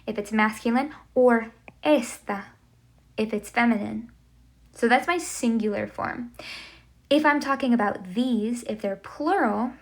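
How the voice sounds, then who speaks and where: A woman teaches a language lesson while drawing on a board, her voice sitting a bit high. She talks slowly and deliberately, pausing often to check in with the class with an upbeat "okay?" or "right?". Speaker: Spanish teacher.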